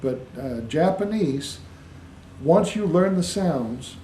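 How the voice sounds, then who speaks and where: A man talks in a patient, teacherly way, often spelling words out letter by letter. His voice is mellow and relaxed. The recording sits in an echoey room with a faint hiss behind it. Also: a little high, slow pace. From United States. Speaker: interviewee. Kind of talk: casual explanatory interview.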